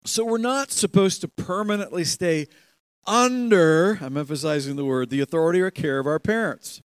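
Animated preaching man with a dry sound. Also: a little high, brisk, clear, resonant tone, no echo. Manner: animated, acts out quoted voices, laughs often. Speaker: pastor. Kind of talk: sermon.

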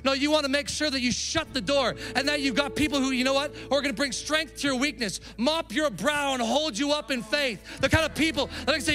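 A man's voice: extremely high pitch, a little fast, hardly any pauses, sharp tone, soft background music. A man preaching a sermon in a conversational way, calling out to the congregation. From Canada. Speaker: pastor.

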